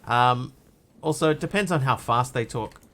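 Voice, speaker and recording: A man from New Zealand with a New Zealand accent tinged with Australian, chatting casually while he streams a game and reads chat aloud, in a halting, rambling way. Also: mid-range voice, a bit bright, a little hiss or hum. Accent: New Zealand, with some Australian.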